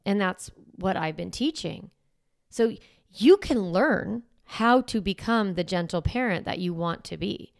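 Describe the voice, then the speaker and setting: A woman's voice: medium pitch, animated, unhurried, gravelly, no room sound, clean studio sound. A woman parenting coach talking casually and directly, conversational, acting out parents' voices and swearing now and then. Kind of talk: casual direct-to-camera talk.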